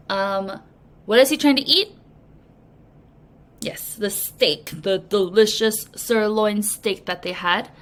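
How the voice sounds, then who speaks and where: A woman English teacher giving a recorded reading lesson, explaining slowly and patiently to young students. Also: mid-range voice, a bit bright. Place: language academy.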